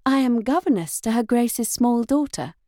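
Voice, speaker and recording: A woman's voice: on the high side, lively intonation, moderate pace, warm tone, no room sound, studio quality, voice pushed up, natural voice. A woman reading the lines of a proud young governess, speaking demurely and coolly in a storybook reading. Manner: demure and cool.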